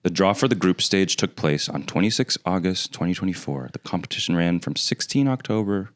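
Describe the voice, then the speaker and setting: A man with a deep voice that still swings widely in pitch hosts a casual comedy chat. He teases his guest dryly and reads things out slowly and deliberately. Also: expressive. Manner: dry, teasing, reads aloud slowly. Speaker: comedy show host.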